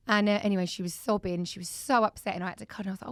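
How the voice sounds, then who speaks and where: A woman, co-hosting a casual podcast and telling a story with lively acted-out quotes. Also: medium pitch, fast, no echo, clean studio sound. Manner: animated storyteller, acts out voices in quotes. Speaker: podcast co-host. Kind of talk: casual chat.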